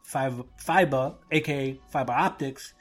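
A man's voice: mid-range voice, a little slow, faint music behind. A man from Brooklyn hosting a podcast, rambling and self-deprecating in casual chat. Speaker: podcast host.

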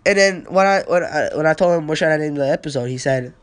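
A sick teenage boy coughs his way through a loose, rambling podcast monologue. His voice sits a little high for a guy, and he swears and stumbles through fillers as he talks. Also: fast talker, clear, resonant tone. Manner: rambling, profane, filler-heavy. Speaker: podcast host.

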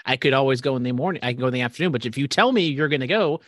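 A man co-hosting a podcast in a middle-pitched voice, teasing his friend with deadpan jokes and quick defensive explanations. The recording is close and dry, with no room sound. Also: no echo. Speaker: podcast co-host. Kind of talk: casual chat.

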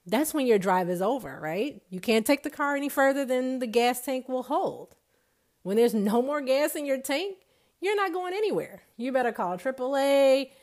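A woman's voice: on the high side, a little mellow. A woman giving an emphatic motivational talk to an audience, repeating her points for effect. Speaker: speaker on nutrition.

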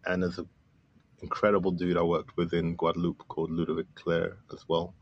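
A man's voice: sits low, completely flat delivery, a little fast, lo-fi sound, slight background noise. A man guest on a podcast, talking casually and enthusiastically with many fillers about his film. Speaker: filmmaker guest.

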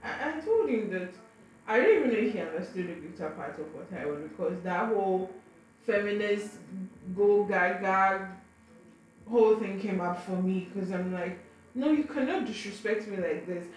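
A woman's voice: medium pitch, moderate pace. Frank young woman in an echoey room. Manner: animated, frank, stumbles and repeats words. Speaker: vlogger. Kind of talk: casual storytelling. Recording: very echoey room, faint background noise.

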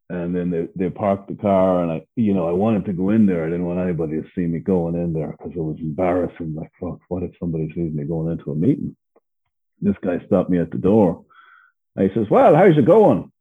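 An Irish man, a podcast guest, telling his story in a blunt, profane, candid way and laughing as he goes. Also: sits low. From Ireland. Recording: phone-like narrow sound.

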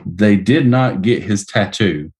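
Deep voiced dude going over figures, lots of ums, laid back. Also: male voice, slow pace. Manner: relaxed, descriptive, hesitant with ums. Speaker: podcast host. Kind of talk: casual review of action figures.

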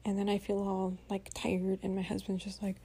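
A tired woman talks in a casual spoken-diary podcast, chatty and venting, full of fillers and the odd swear. Her voice is mellow and slightly husky, with a middling pitch. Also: completely flat delivery, moderate pace. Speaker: podcast host. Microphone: home voice recording.

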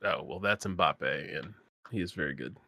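A man in a casual chat, opinionated and quick to laugh. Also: low-pitched, creaky, pushed and bright, no echo. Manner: chatty, opinionated, laughs often.

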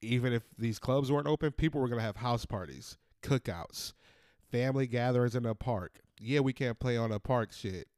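A man in his thirties hosting a podcast, ranting in a casual, profane, animated monologue. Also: medium pitch, moderate pace, no echo, clean studio sound. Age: 30s. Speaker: podcast host.

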